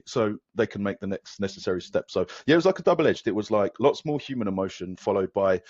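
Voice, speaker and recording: A man who works as a fitness coach, chatting as a podcast guest, telling stories in a rapid, animated way with lots of restarts. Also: fairly low pitch, dry recording. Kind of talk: casual podcast conversation. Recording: dull, dry lo-fi sound.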